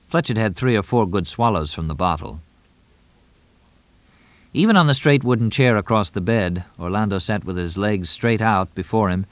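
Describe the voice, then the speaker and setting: A man narrating a novel audiobook in a measured, even way. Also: on the low side, no echo. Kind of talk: scripted narration.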